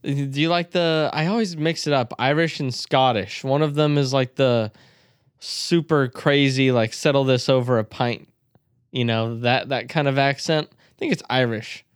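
A man's voice: mid-range voice, moderate pace, smooth, no echo, clean studio sound. A man co-hosting a podcast in casual chat, rambling and laughing often. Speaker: podcast co-host.

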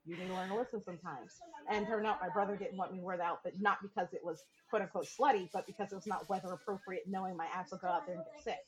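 A woman guest on a podcast, chatting candidly with frank, swear-filled, animated storytelling. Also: on the low side, quick pace, hardly any pauses, crowd noise, low-quality recording. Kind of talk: candid casual chat.

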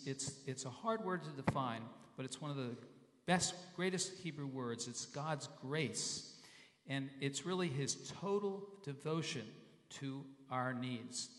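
A man's voice: medium pitch, a bit bright. A male pastor giving a sermon in a conversational way, repeating phrases and sounding out Hebrew and Greek words. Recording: long reverb in a large hall.

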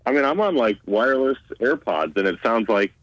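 A man's voice: medium pitch, animated, fairly quick, a bit bright, dry recording, highs cut off. A man calling in to a radio show, joking and chatting casually.

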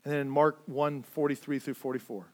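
A man preaching a sermon as pastor, earnest, repeating words as he stresses points and swinging between loud and hushed delivery. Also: mid-range voice, little pitch movement, brisk.

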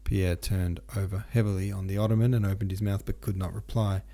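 Casting: low, gravelly male narrator for a literary audiobook, occasional restarts. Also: brisk. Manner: steady reading with occasional stumbles and restarts.

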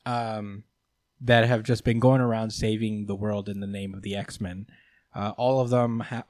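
A man's voice: fairly low pitch, darkish tone, dry recording. A man co-hosting a podcast, talking through comic books in a casual, laid-back way with some swearing. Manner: laid-back, loosely profane. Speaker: podcast co-host. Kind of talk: casual comic book discussion.

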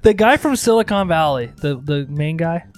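A man's voice: fairly high pitch, lively intonation, normal speed. A man hosting a casual podcast chat, teasing his friends and laughing often. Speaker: host.

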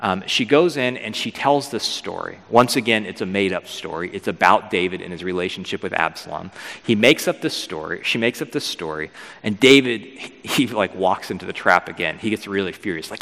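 A man preaching a casual, storytelling sermon as pastor, lively and acting out figures in modern slang. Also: sits low, brisk, creaky. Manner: animated, acts out biblical figures with modern slang. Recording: long hall reverb.

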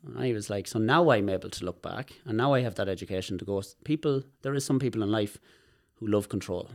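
Low-voiced Irish man telling stories. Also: fast talker, creaky. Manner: animated storyteller, swears freely. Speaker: guest, movement specialist. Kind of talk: podcast conversation.

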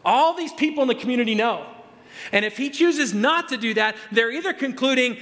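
A man with a notably high voice preaches a sermon in a conversational way. He often restarts and repeats words, then leans hard on the key phrases. His voice rings out with the long reverb of a large hall. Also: animated, fairly quick, a bit bright. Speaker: pastor.

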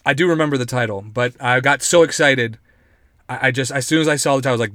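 A man hosting a podcast, reading news stories aloud and riffing on them in a joking, profane, animated way. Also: medium pitch, quick pace, dry recording, studio quality. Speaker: podcast host.

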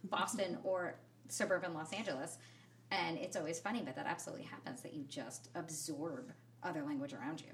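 A woman's voice: low-pitched, steady tone, brisk, slight background noise. A woman co-hosting a podcast, chatting casually with playful, jokey asides. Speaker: podcast co-host. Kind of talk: casual chat.

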